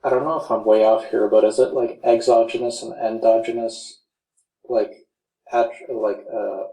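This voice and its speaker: A man's voice: fairly low pitch, little pitch movement, moderate pace, mellow, roomy sound, poor audio. A man, a student in class, asking a tentative, hesitant question.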